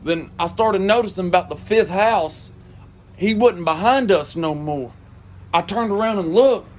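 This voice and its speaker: A man telling a comedic story in a casual way, swearing freely and delivering his punchlines flatly. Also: high-pitched, measured pace, slight background noise. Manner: profane, animated, deadpan punchlines.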